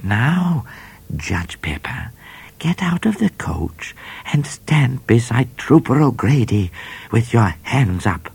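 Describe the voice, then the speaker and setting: A man's voice: mid-range voice, big pitch swings, slow pace, creaky, darkish tone, slightly rough, pitched above the performer's own voice, exaggerated voice. A man voicing a menacing male cat who poses as a bushranger and snarls threats.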